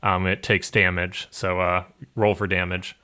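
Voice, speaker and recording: A young man narrating as game master, describing scenes in a relaxed way with many fillers. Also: low voice, unhurried, clear, resonant tone.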